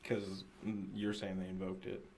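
A man co-hosts a casual podcast, offering short, easygoing replies. His voice sits on the low side, with a faint layer of noise underneath. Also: completely flat delivery, moderate pace, a little mellow, poor audio. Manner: brief, laid-back replies. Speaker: podcast co-host.

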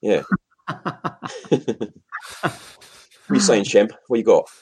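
A man's voice: on the low side, big pitch swings, slow pace, a little mellow, husky. A man co-hosting a casual livestream, reading viewer comments aloud and talking to the audience directly. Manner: chatty, addresses viewers directly, laughs often. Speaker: co-host reading chat comments.

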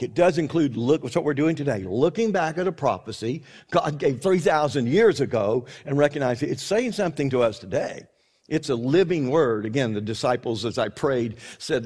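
A man's voice: mid-range voice, a little mellow. A man preaching a sermon in an earnest, conversational way, often restarting his sentences.

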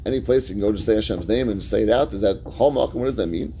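A man's voice: on the low side, quick pace, warm tone, slight background noise. A man teaching a Talmud class, reading each phrase of the text and then explaining it in plain words.

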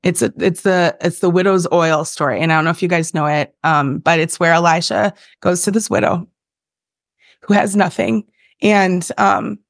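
A woman's voice: lowish voice, fairly even intonation, moderate pace, creaky, no room sound, studio quality. A woman in her thirties, a podcast guest, talking earnestly in a casual interview, full of "like" and "um". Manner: filler-heavy, earnest, tangents. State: briefly emotional.

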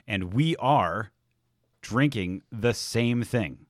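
A man's voice: on the low side, animated, takes it slowly, no room sound, studio quality. A man co-hosting a podcast in casual chat, laid-back and swearing freely. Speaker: podcast co-host.

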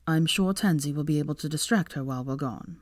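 A woman voicing a calm, reassuring young wizard in an audiobook reading, with a subdued, steady delivery. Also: deep voice, fast, dry recording, studio quality.

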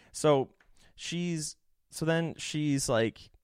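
A young man casually telling a story in animated fashion, swearing freely, laughing often and mimicking other people. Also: fairly high pitch, drawn-out words, clear, resonant tone, no echo, studio quality.

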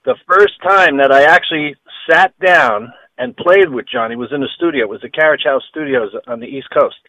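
Bright-voiced man telling animated stories. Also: on the high side, normal speed, no echo, rough recording. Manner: animated storyteller who acts out quoted dialogue. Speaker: guitarist guest. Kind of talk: storytelling interview.

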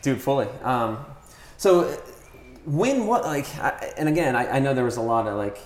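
A man's voice: mid-range voice, animated, normal speed. A laid-back man hosts a casual chat. He hesitates often and leans on fillers. The room gives his voice a roomy echo. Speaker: podcast host.

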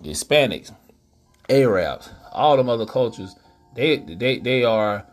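A man's voice: medium pitch, expressive, takes it slowly, faint music behind. A middle-aged man hosting a podcast, talking casually and preachily, often asking "you know what I'm saying". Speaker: podcast host. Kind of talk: casual monologue.

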